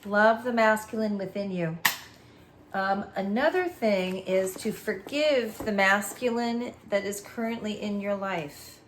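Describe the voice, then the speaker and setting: An earnest woman healer speaks a channeled spiritual message at a middle pitch. She is soft-spoken and leans on repeated affirmations, her voice often sinking into a near hush. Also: a little slow, slight background noise.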